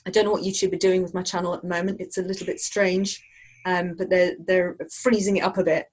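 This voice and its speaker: A woman talking casually as an interview guest, lively and quick to laugh. Her voice is slightly husky and breathy. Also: lowish voice. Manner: animated, laughs often. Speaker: psychic, guest.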